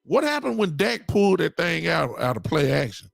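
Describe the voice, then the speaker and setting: A man hosting a sports podcast, talking excitably and preaching to his listeners. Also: on the high side, moderate pace, creaky, dry recording, faint music behind. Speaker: podcast host. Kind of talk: animated sports talk.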